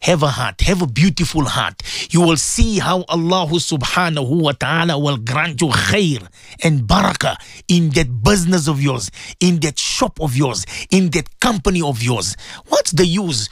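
A man hosting a morning radio show, giving religious advice in a preachy, animated way, repeating phrases for emphasis. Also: fairly high pitch, moderate pace, dry recording, studio quality. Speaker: radio presenter. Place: radio studio.

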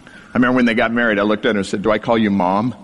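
A man's voice: fairly low pitch, fairly even intonation, rapid-fire, a little hiss or hum. A middle-aged man delivers a storytelling sermon to a live congregation. He jokes at his own expense and laughs through his lines. His voice rings with a long reverb from a large hall. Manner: self-deprecating humor, laughs through lines. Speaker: speaker sharing a testimony.

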